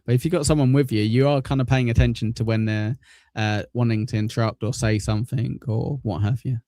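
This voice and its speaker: A man's voice: mid-range voice, fairly even intonation, fairly quick, warm tone, no room sound, studio quality. A man co-hosting a casual podcast. He laughs often and teases his co-host. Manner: laughs often, teasing and banter-heavy. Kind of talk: casual podcast chat reacting to clips.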